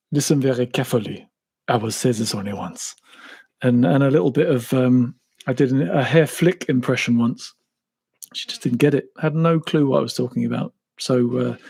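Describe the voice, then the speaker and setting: A man's voice: fairly high pitch, vocal fry, darkish tone. A man in his thirties with an English accent from around Cambridge, chatting casually and self-mockingly while answering viewer questions on a live stream. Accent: English (Cambridge area). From England (Cambridge). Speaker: motorcycle YouTuber answering live Q&A.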